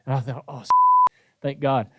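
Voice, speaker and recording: A man's voice: medium pitch, normal speed, slightly rough, dry recording. A man, hosting a podcast and telling a story in casual chat, acting out the lines he quotes. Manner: animated storytelling, acts out quoted voices. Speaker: podcast host.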